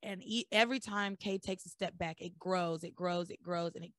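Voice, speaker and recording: A woman hosting a podcast, recapping soap opera episodes in animated, sarcastic casual chat. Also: lowish voice, normal speed, dry recording, studio quality. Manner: animated storytelling with sarcastic asides.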